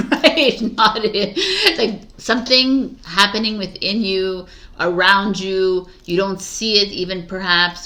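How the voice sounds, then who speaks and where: A woman doing a tarot reading for the viewer, speaking at an unhurried, drawn-out pace. She muses and reassures as she turns the cards, with giggly, self-mocking asides, at a middle pitch for a woman. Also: sharp tone. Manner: slow, musing and affirming while reading cards. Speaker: tarot reader. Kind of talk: tarot card reading to camera.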